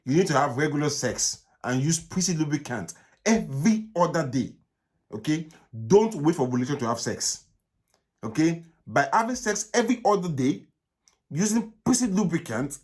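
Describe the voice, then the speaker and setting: Nigerian male doctor, fairly high-pitched, fielding live questions, brisk and repetitive. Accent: Nigerian English. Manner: brisk, repetitive advice with frequent "okay?". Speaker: gynaecologist answering live viewer questions. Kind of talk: live Q&A stream.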